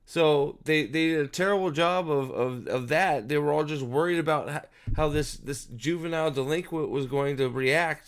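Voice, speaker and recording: A man's voice: fairly high pitch, moderate pace, hardly any pauses. A man giving casual, profane video commentary as host, ranting in an exasperated way with frequent restarts.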